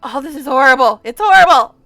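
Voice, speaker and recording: A woman's voice: sits high, lively intonation, fast, sharp tone, dry recording. A woman giving casual let's-play commentary and reading game text aloud, distressed and exasperated, sighing and repeating herself. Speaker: game streamer.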